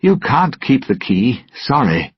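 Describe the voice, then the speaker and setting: A man doing a stern naval officer, husky and sharp. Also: medium pitch, big pitch swings, slow pace, no room sound, voice pushed up, full character voice. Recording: dull lo-fi recording.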